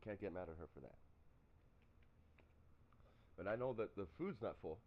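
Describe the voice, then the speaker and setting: A man chatting casually on a live stream, telling stories in an animated way and acting out what people said. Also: deep voice, normal speed, highs cut off. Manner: animated storytelling, acts out quotes. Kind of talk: casual chat.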